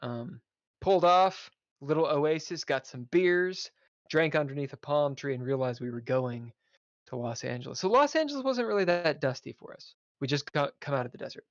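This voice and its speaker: A man's voice: on the high side, lively intonation, moderate pace, dry recording. A man, a podcast guest, telling a casual road-trip story with swearing and laughter. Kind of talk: casual chat. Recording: dull lo-fi audio.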